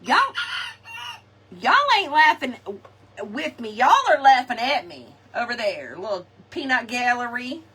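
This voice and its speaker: Chatty woman, high lively voice. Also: a little slow, slightly rough. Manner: chatty, laughing, talks to viewers. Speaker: crafting vlogger. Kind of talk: casual live craft chat. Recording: distant mic with faint ambience.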